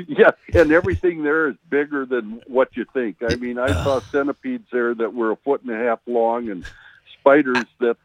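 A man's voice: mid-range voice, normal speed. Older man reminiscing over a phone line. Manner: reminiscing, laughs often. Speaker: guest, army veteran. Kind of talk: radio interview.

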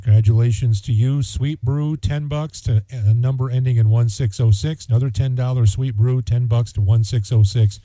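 A man's voice: mid-range voice, steady tone, moderate pace, few pauses, dark tone, dry recording. A man hosting a local radio charity auction, reading out winning bids in a folksy, chatty way with plenty of fillers. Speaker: radio host.

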